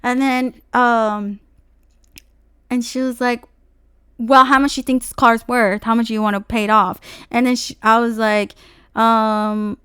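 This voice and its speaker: A young woman telling a story in a casual vlog, animated and swearing freely as she acts out both sides of a conversation. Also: on the high side, a little slow, smooth, no room sound, clean studio sound.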